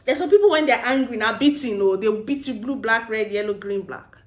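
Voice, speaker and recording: A woman giving casual relationship advice in a vlog, telling stories in an animated way and slipping into pidgin phrases. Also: fairly high pitch, fairly quick. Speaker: Christian relationship vlogger. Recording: roomy echo.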